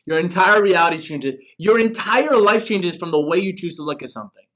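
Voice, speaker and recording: A man's voice: sits high, expressive, a little fast, fairly bright tone. A man hosting a business coaching show, giving an emphatic motivational talk full of rhetorical questions.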